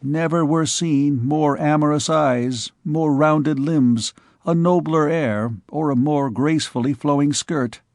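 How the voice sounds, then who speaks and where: A man voicing a greedy, cunning royal physician who speaks in a slow, pompous, wheedling way, in an audiobook reading. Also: on the high side, steady tone, a little mellow, no room sound, clean studio sound.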